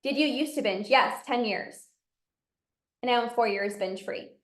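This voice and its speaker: A woman with a high voice talks earnestly and casually, coaching the listener with plenty of "like" and "right?". Her voice carries a noticeable echo from the room around her. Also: a little slow. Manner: earnest, conversational, many "like" and "right?" fillers. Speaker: binge eating coach. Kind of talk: casual direct-to-camera advice.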